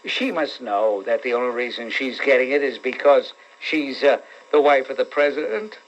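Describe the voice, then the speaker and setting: A man's voice: medium pitch, normal speed. A man with a New York accent hosting a call-in talk radio show, blunt and sarcastic with callers. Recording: dull lo-fi radio broadcast.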